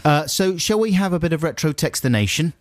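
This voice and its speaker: A man's voice: a little high, animated, brisk, very noisy. A man co-hosting a radio show, bantering casually and laughing often. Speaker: radio co-host.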